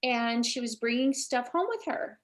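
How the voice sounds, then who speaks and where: A woman guest on a spiritual talk show, speaking in a fairly high voice. She is effusive and encouraging, and she affirms what her host says with warm enthusiasm. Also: normal speed, a crowd in the background. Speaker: guest psychic medium.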